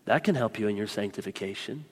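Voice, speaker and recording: A man's voice: on the low side, quick pace, darkish tone. A man in his thirties preaching a sermon as a pastor, passionate and emphatic with frequent repetition. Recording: long reverb from a large room.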